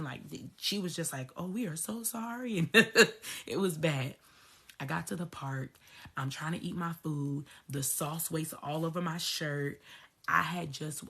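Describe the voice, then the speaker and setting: A woman's voice: low voice, fairly bright tone, husky. A woman coach telling a personal story to her viewers, emphatic and profane, repeating herself for effect. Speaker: spiritual coach. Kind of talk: candid storytelling vlog.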